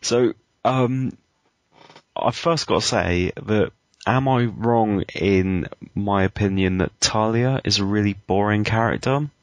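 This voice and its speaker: Deep-voiced man, dry sound. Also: slow, no echo. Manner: hesitant, critical opinions with many ums and uhs. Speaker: podcast co-host. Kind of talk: casual chat.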